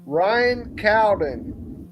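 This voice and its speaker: A man calling into a sports chat show, speaking slowly and hesitantly with lots of ums while he searches for names. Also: high-pitched, expressive. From Tennessee. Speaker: caller. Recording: dull lo-fi line with faint noise.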